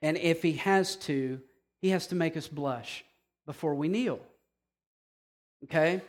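A male preacher giving a conversational, animated sermon, often checking in with "okay?". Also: a little high, a little slow.

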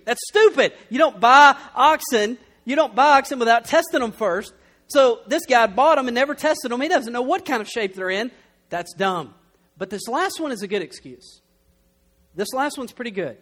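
A young adult man preaching a conversational sermon, telling stories with animated humor. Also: very high voice, normal speed. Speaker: pastor.

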